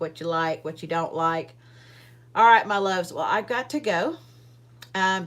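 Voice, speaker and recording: A woman's voice: medium pitch, a bit bright. A woman hosting a live card-making demonstration, chatting casually with viewers and rambling with many fillers and asides. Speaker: card-making livestream host.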